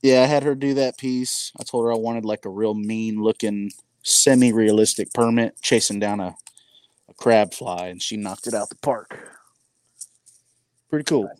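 A man who is a guest on a podcast, talking in a relaxed, easygoing way about fishing art. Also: on the low side, moderate pace, no room sound. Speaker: guest fly fisherman. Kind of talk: casual chat.

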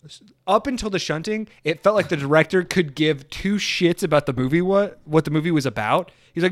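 A man with a slightly high voice, rambling through a casual podcast chat with lots of animation and frequent laughter. The sound is dry and close, with no room around it. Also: brisk, no echo. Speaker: podcast host.

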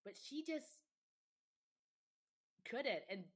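Casting: woman podcast guest, casual gossipy chat, animated, quick laughs. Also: sits high, husky. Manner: chatty, animated, laughs often, quotes people in voices. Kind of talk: casual chat about reality TV.

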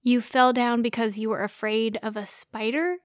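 A woman's voice: a little high, steady tone, normal speed, no echo, close to an everyday voice. A woman voicing an aloof young man who talks in a dry, snide way.

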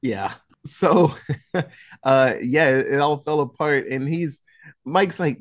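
A man's voice: fairly high pitch, slow pace, pauses often. A man on a podcast casually recapping a horror movie plot, rambling with lots of fillers and restarts. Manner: casual, chuckles while recapping. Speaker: podcast co-host.

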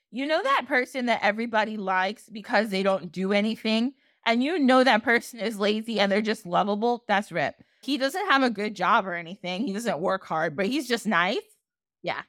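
A woman podcast host casually retelling a folktale, chatty and animated, slipping into little voices for the characters. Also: medium pitch, no room sound, clean studio sound. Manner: chatty, animated, acts out characters with quick asides. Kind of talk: casual storytelling.

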